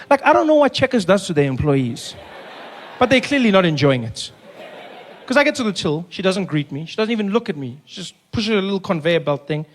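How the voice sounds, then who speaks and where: A man with a South African accent doing a stand-up comedy set, telling stories and acting out characters in many voices. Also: sits high. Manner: animated storytelling, acts out characters in many voices.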